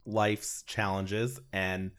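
A man's voice: fairly low pitch, little pitch movement, extremely slow, a bit bright. A man hosting a casual conversation, talking in an earnest, reflective way that often repeats his words.

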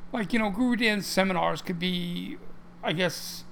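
A man's voice: high-pitched, normal speed, creaky, a bit bright. A man co-hosting a podcast in casual chat, rambling with many restarts and fillers. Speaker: podcast co-host.

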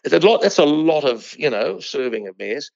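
Older horse breeder, gravelly and rambling; dry, muffled sound. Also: male voice, a little high, big pitch swings, normal speed, darkish tone, no room sound. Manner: rambling, with many restarts. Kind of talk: anecdotal interview storytelling. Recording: dull lo-fi dry recording.

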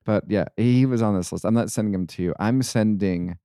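A young man tells a rambling anecdote on a casual podcast, stumbling and restarting as he goes. His voice is low and mellow, and it sits close and dry with no room sound around it. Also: no echo. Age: young adult. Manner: rambling, halting storyteller. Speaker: podcast co-host. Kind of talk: casual chat, storytelling.

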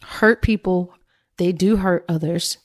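A woman's voice: on the low side, slow pace, no room sound, studio quality. A woman hosting a faith-based podcast, talking earnestly and reflectively straight to her listeners. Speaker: podcast host.

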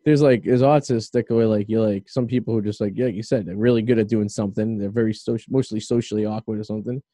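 Male talk radio host: deep, dark tone, dry close sound, loose rambling chatter. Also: steady tone, fast, no room sound. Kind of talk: casual chat.

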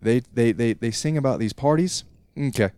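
A young man from Idaho, co-hosting a casual podcast from a home basement, ranting in animated chat. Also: medium pitch, normal speed, clean tone, no echo. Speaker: podcast co-host.

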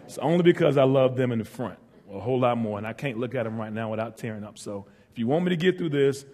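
Earnest preacher in a reverberant church. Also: male voice, medium pitch, lively intonation, fast talker, mellow. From northeastern North Carolina. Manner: earnest and heartfelt, with playful asides to the congregation. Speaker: guest preacher. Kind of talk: church sermon. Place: church sanctuary. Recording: hall reverb.

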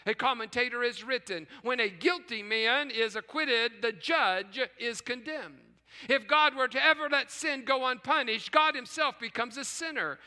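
A man preaching a sermon to a live congregation, swinging from hushed low passages to loud shouted peaks. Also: long reverb tail. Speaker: pastor. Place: large church sanctuary with choir and orchestra. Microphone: live stream.

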